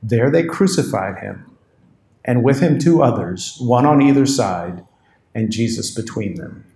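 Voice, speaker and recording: A man's voice: mid-range voice, animated, unhurried, dark tone. A male pastor delivers a sermon in a mid-range voice. He tells the story with animation, slipping into the voices of the people he describes. The room carries a noticeable echo.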